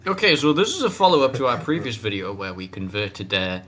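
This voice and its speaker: A man's voice: mid-range voice, very animated, a little fast, over a noisy crowd. A man introducing a casual video with friends, stumbling and restarting his sentences as he goes.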